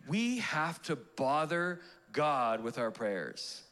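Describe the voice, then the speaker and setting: A young adult man preaching a live church sermon, animated and playful, acting out prayers in comic voices. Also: a little high, takes it slowly. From Canada. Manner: animated, acts out prayers in funny voices, laughs often. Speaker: pastor. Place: church auditorium.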